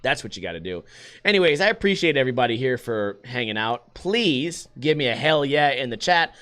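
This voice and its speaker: A man's voice: medium pitch, big pitch swings, brisk, a bit bright, clear, resonant tone. A man hosting a casual solo livestream podcast, rambling sarcastically and swearing freely. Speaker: podcast host.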